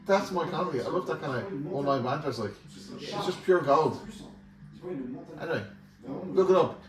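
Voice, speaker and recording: A man's voice: fairly high pitch, moderate pace, crowd noise. A man in his forties rambles through a casual podcast chat, circling back and repeating himself. He sits a little away from the mic in a roomy, echoing space, with people chattering in the background. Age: 40s. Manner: rambling, repeats words, animated storytelling. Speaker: podcast co-host. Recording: echoey room, mic at a distance.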